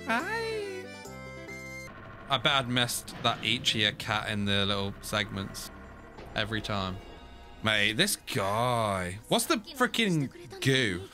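Excitable young man reacting. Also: on the low side, takes it slowly, over music. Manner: excitable, frequent laughter and "mate". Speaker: anime reaction host. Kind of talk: casual reaction commentary.

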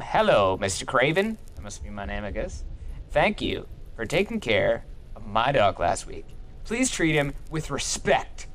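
A man's voice: fairly high pitch, fairly bright tone, slight background noise. A young man doing let's play commentary, goofy and joking, swearing as he plays. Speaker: gaming youtuber.

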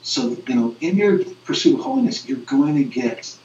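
A man's voice: mid-range voice, big pitch swings, a little mellow. A man moderating a webinar who talks earnestly and often restarts his sentences while telling stories. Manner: earnest, halting with frequent restarts. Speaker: webinar moderator and youth minister. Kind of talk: conversational storytelling. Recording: distant, roomy, dull lo-fi webinar audio.

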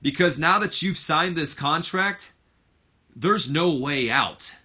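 A man's voice: medium pitch, very animated, unhurried, sharp tone, exaggerated voice. A man voicing a brash young heir to a wrestling company, taunting his father in a smug promo. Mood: gloating.

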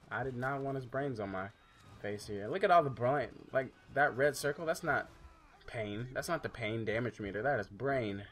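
A man's voice: mid-range voice, fairly bright tone. A man casually commentating his own video game playthrough, rambling and joking with plenty of loose asides. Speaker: gameplay commentator. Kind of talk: casual let's-play commentary.

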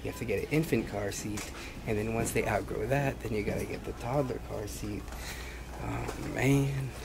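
A man with a rough, gravelly voice, chatting in a laid-back, rambling way for a vlog while out shopping. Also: fairly low pitch. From Hawaii. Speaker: vlogger. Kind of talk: casual vlog chat. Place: car and a big-box store.

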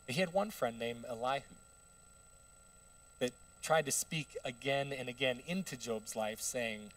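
A man's voice: medium pitch, measured pace, recorded from a distance. Male pastor preaching, heard from afar. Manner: conversational, with rhetorical questions to the congregation. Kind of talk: sermon. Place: church sanctuary.

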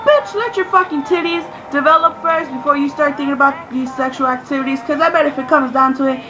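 A woman vlogger ranting loudly and profanely, exasperated and swearing as she vents. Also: high-pitched, steady tone, fast talker, rough recording. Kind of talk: ranting vlog. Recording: music playing loudly behind. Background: music.

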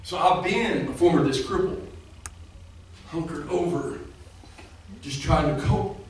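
A man's voice: fairly high pitch, slow pace, slight background noise. A man preaching a sermon as pastor in an impassioned preacher's cadence, speaking straight to his congregation. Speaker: senior lead pastor. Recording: echoey room from far off.

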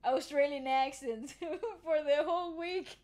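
A woman's voice: high voice, slow pace, darkish tone. A woman hosting a reaction video, chatting casually and giggling a lot. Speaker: host of a reaction channel. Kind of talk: casual chat.

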